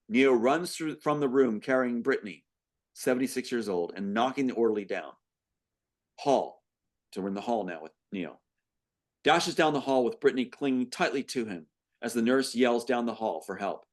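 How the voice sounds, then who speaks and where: A man's voice: mid-range voice, expressive, normal speed. A man reads through his own script, playing every part himself. He keeps breaking off to comment, and his voice catches with emotion along the way. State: choked up with emotion. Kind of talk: dramatic script reading with commentary.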